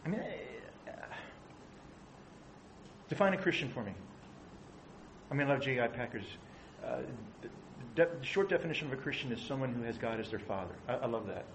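A man's voice: medium pitch, expressive, fairly quick, pauses often, a little hiss or hum, low-quality recording. A middle-aged man preaching a conversational sermon, asking his listeners questions. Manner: conversational, asks the audience questions. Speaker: pastor.

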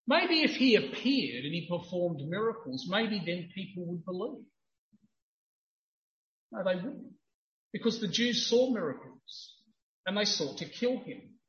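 A man with a fairly high voice preaches a sermon, emphatic and rising to fervent peaks. The recording is dull and lo-fi, with the voice echoing around a roomy space. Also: fairly bright tone.

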